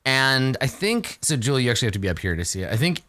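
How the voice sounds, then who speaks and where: A man running a tabletop game as game master, animated and jokey with many fillers. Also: medium pitch, quick pace, dry recording.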